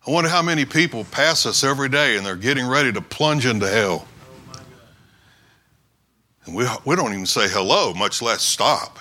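Bright-voiced man preaching a story. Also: medium pitch, animated, normal speed, pauses often. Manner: storytelling sermon, shouting quoted cries. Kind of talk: sermon illustration.

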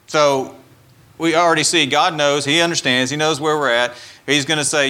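A man's voice: on the high side, fairly even intonation, moderate pace, bright, forceful tone. A man giving an informal Bible teaching, explaining and paraphrasing scripture in a conversational way.

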